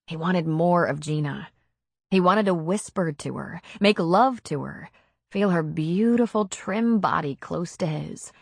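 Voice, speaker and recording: Female audiobook narrator: measured, low-pitched, dry studio sound. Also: creaky, dry recording.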